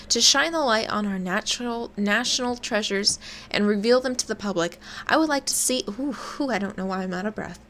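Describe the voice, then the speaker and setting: A woman's voice: on the high side, a bit bright, a little hiss or hum. Chatty young woman playing a game. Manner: chatty, swears casually, stumbles over long words. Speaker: game streamer. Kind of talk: casual gameplay commentary, reading game text aloud.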